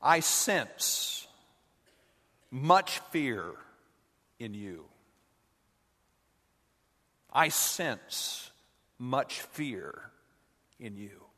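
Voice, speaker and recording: A man voicing a tiny, ancient, wise alien master who speaks slowly with words turned around. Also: mid-range voice, sing-song, sharp tone, husky, heavily acted. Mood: grave. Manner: inverted word order, slow and drawn out. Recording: echoey hall.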